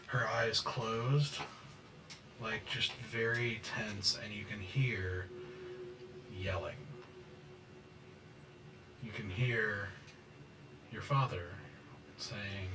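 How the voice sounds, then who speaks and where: A man narrating a scene as game master, halting and full of fillers. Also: fairly low pitch, bright, forceful tone, distant mic, a little hiss or hum, rough recording.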